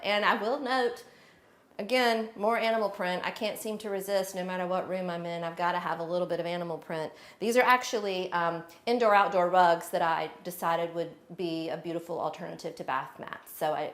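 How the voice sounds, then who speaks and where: A middle-aged woman, chatting casually while she shows guests around her home, with lots of fillers. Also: fairly low pitch. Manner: chatty and friendly, with frequent fillers. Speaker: homeowner giving a home tour. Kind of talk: casual home tour chat.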